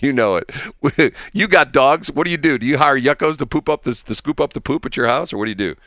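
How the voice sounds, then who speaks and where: A man's voice: medium pitch, expressive, a little fast, fairly bright tone, no room sound, studio quality. A man hosting a radio show, joking and flustered in casual on-air banter.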